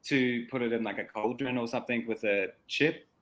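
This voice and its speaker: A man's voice: mid-range voice, steady tone, brisk, a bit bright. A man co-hosting a live mediumship stream, chatting in an easygoing way with plenty of fillers. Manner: easygoing, filler-heavy, says "like" often. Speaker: medium, co-host. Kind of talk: casual live-stream chat.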